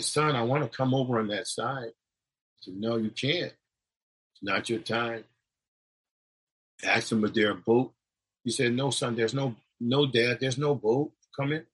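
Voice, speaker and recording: A middle-aged preacher gives a heartfelt testimony of what he saw in heaven. His voice is husky, and it swells and drops with feeling as he tells it. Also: medium pitch, a bit bright, poor audio. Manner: emotional storytelling, voices rising and falling.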